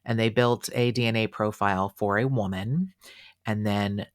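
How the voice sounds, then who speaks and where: Chatty low-voiced man hosting a podcast. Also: moderate pace, no room sound, clean studio sound. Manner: chatty and animated, with fillers and exclamations. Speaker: podcast host. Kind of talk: casual true-crime podcast chat.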